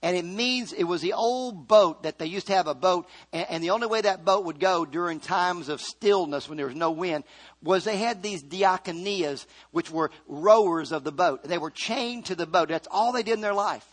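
A man preaching a sermon, animated, repeating phrases and acting out scripture quotes. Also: sits high, normal speed. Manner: animated, shouts and repeats for emphasis; acts out scripture quotes in voices.

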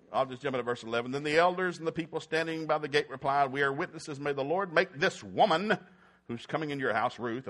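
This preacher's voice is a little high for a man and a bit bright. He tells Bible stories in a folksy, funny style during his sermon, giving the characters their own acted-out voices.

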